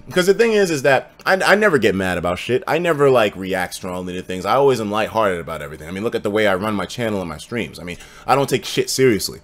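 A young male streamer in casual storytelling mode, his delivery very lively and full of rises and falls. He drops into quiet mutters, then bursts out loud. He swears freely as he talks to his viewers. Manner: animated, swings from low mutters to loud bursts.

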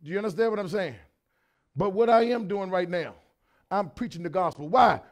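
A pastor in his fifties preaching a sermon, swinging between shouted lines and quieter talk, with lots of repetition. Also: sits high, expressive, fairly quick. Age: 50s.

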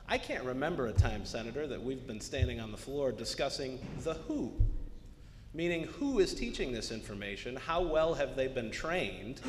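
Male panelist, emphatic and earnest, heard in a reverberant hall. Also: medium pitch. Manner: earnest, emphatic, repeats key words. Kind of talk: panel discussion remarks. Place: arts center event space. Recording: long hall reverb, faint noise.

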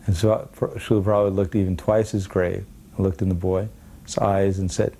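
A man's voice: low voice, little pitch movement, normal speed, dark tone. A man telling a remembered anecdote, acting out the people in it as he goes. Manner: acts out the quoted voices in his story. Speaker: devotee recalling memories. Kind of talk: anecdotal storytelling.

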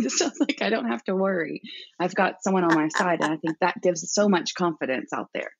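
A woman's voice: fairly low pitch, fairly quick, vocal fry, breathy edge, dry recording. A young adult woman from Arkansas, talking candidly as a guest in a casual podcast interview and laughing often. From Arkansas, USA. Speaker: guest hiker. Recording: dull dry remote audio.

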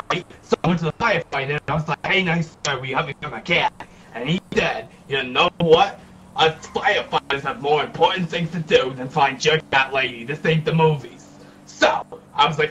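A man voicing an eccentric, excitable woman who rambles about her lost cat in a game role-play. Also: on the high side, distant mic, a little hiss or hum. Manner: rambling, excitable, easily offended.

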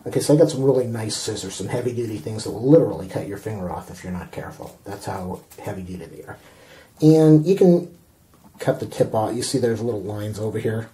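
A man with a warm, mellow voice talks his way through a fix-it job while filming himself. He rambles, backtracks and chuckles at his own words. The camcorder picks him up with plenty of bathroom echo. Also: fairly low pitch, fairly quick. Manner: rambling, self-amused, talking while working with hands. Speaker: home repair vlogger. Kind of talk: casual how-to demonstration. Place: indoor bathroom. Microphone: handheld camcorder mic, self-filming.

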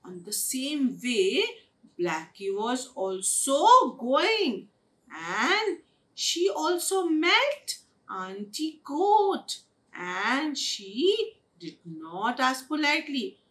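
Slow, animated woman telling a kids' story. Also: high voice, distant mic. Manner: expressive, sing-song. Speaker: storyteller at a day care. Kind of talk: reading a children's story. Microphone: online webinar.

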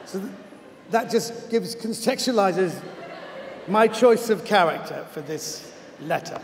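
A man's voice: sits high, lively intonation, measured pace, a little hiss or hum. A male comedian on stage rambling through self-deprecating asides before reading a letter. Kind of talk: stand-up style banter on stage. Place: large theatre hall. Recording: long hall reverb from a stage.

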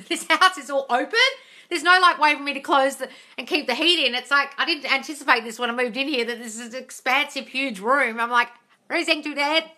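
A woman with a non-native English accent hosts a phone live-stream Q&A, her voice bright and somewhat high. She is blunt and sweary, calls everyone darling, and sounds a little stuffy from the cold. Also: fairly quick. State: runny nose from the cold. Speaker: manifestation coach answering live comments. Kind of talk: casual live-stream Q&A, reading comments aloud. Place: large open room in a house. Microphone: phone livestream.

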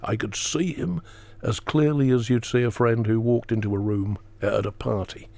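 A man telling a personal story as a talk show guest, earnest and slowing down for emphasis. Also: medium pitch, fairly even intonation, mellow, no room sound. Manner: earnest, dramatic pauses, acts out quotes; slows for emphasis.

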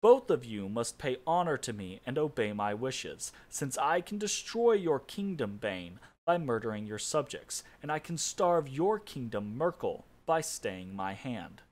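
A man's voice: medium pitch, big pitch swings, unhurried, few pauses. A man reading aloud the lines of a cold, calculating male assassin god from a game's storybook. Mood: menacing. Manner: threatening, calculating.

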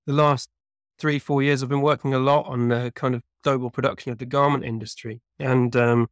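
A man's voice: mid-range voice, level tone, brisk, clean tone, no echo, clean studio sound. A man being interviewed as a researcher, explaining at length in a thoughtful, conversational way with lots of small hedges. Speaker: guest researcher.

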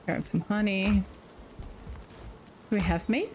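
A woman's voice: medium pitch, takes it slowly, a little mellow, slight background noise, poor audio. A woman with an Australian accent chatting and laughing while she organizes friends in a multiplayer game. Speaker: gamer on a multiplayer stream. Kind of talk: casual gaming chat.

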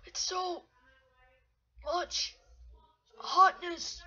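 A woman giving excitable, rambling gameplay commentary, talking to herself as she plays. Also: high-pitched, unhurried, pauses often. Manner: excitable, rambling, talks to self. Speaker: gamer. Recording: dull lo-fi recording.

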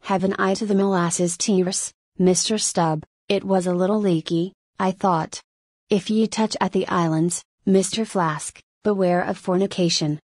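A woman's voice: lowish voice, fairly even intonation, unhurried, a little mellow, no room sound, studio quality. A woman reading the lines of an anxious, fussy old male ship owner in an audiobook, rambling through his farewells. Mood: fretful. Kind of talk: audiobook narration.

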